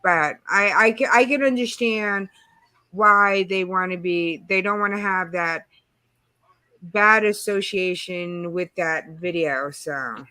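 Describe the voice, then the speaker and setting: A woman's voice: fairly low pitch, takes it slowly, pushed and bright, no echo. A woman hosting a casual livestream chat, rambling and filling her talk with "you know". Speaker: channel host.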